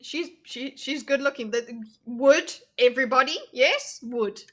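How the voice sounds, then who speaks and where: A woman's voice: sits high, unhurried, a bit bright. A young woman streaming reaction commentary, talking casually to her chat with blunt, mocking asides.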